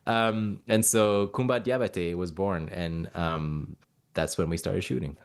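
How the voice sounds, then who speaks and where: Actor guest from Mauritania: a low-voiced man, lively anecdotes, acts out the dialogue. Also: measured pace, clean tone. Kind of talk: casual interview storytelling.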